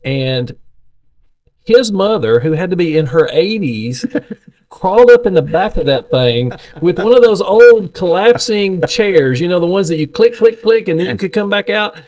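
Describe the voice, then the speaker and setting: A middle-aged man, telling animated, folksy stories as a podcast co-host in casual chat. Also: high voice, moderate pace.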